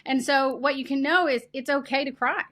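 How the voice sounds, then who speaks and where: A woman explaining child development in a conversational interview, earnest and animated, acting out what parents say. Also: high-pitched, brisk.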